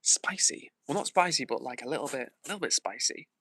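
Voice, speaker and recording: A male streamer talks at a brisk clip, reading viewer comments aloud and cracking jokes between them. His voice is bright and forward. The sound is dry and close, with no room echo. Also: mid-range voice, lively intonation, slightly rough. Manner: joking, playful. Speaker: livestreamer. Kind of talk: casual live-stream chat.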